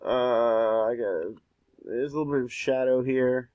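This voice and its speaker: A man's voice: medium pitch, a little slow, no room sound, muffled recording. A young man chatting casually while he draws, rambling and repeating words and swearing offhandedly. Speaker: art streamer. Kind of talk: casual talk while drawing.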